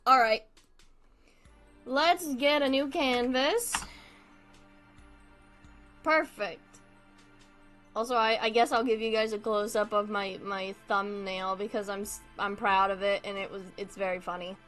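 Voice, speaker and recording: A woman's voice: medium pitch, steady tone, measured pace, pauses often, fairly bright tone, soft background music. A young woman streaming and chatting casually while she draws, giggly, scattered and self-mocking. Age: young adult.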